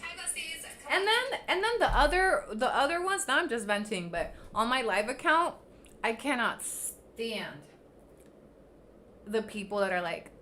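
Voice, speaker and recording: A young woman with a slightly high, bright and forceful voice, talking loosely on a livestream. She rants at her critics with blunt, profane directness and sounds like she is chatting to her viewers. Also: expressive, unhurried, long pauses, a little hiss or hum. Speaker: livestream host. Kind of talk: casual venting livestream chat.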